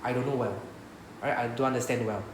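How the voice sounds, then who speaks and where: A man's voice: mid-range voice, steady tone, fast talker, echoey room, noisy background. A man with a Singaporean English accent, teaching a Japanese class and explaining patiently, often checking with "right?". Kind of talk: classroom lecture.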